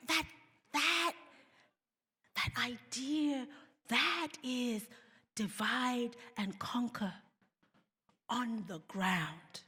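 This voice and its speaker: A South African woman giving a keynote speech, deliberate, dropping into mocking voices when she quotes others. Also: high voice, fairly bright tone, husky. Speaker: keynote speaker. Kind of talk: public speech. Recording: reverberant hall.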